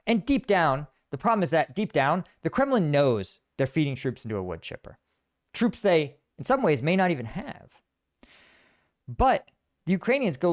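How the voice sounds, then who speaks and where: Male commentator, slightly high voice, lively delivery, dry close sound. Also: normal speed, dry recording. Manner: animated, acts out quoted voices. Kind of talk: casual analysis monologue.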